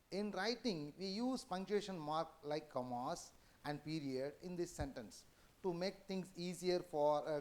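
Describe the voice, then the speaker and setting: A man with an Indian English accent giving an educational lecture, halting with many fillers and restarts. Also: on the high side.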